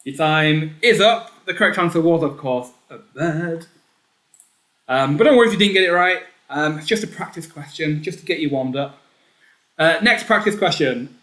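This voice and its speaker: A man hosting a live online pub quiz, chatty, reading each question and its options twice and often clearing his throat. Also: a little high, moderate pace, fairly bright tone. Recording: echoey room.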